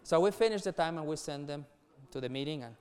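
A middle-aged man preaching earnestly to young people, laughing softly between points and repeating words as he goes. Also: on the high side, expressive, quick pace, smooth. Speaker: youth pastor.

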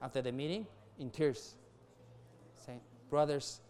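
A middle-aged man preaching earnestly to young people, laughing softly between points and repeating words as he goes. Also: high-pitched, normal speed. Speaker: youth pastor.

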